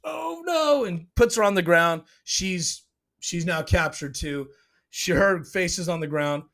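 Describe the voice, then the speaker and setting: A man hosting his own show, recapping a TV episode in a rambling, emotional way, often clearing his throat. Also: on the high side, a little slow, fairly bright tone. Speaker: show host.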